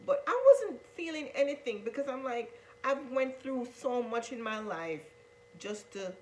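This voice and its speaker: A woman's voice: fairly high pitch, animated, unhurried, a little mellow, poor audio. A woman telling her coming-out story to viewers, earnest and repetitive, often calling them guys. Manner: earnest, repeats herself, addresses viewers as guys. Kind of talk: emotional storytelling to camera.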